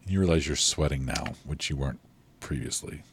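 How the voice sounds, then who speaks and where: A man narrating a tabletop role-playing game as game master, describing scenes in a relaxed, loose way with many fillers. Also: rumbling low, a little fast, slight background noise.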